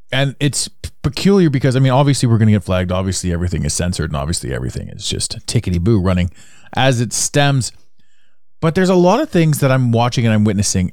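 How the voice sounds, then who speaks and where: A man's voice: lowish voice, a little mellow, dry recording, clean studio sound. A man with a Canadian accent hosting a solo podcast, talking in a rambling, repetitive way that circles back on his points. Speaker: podcast host.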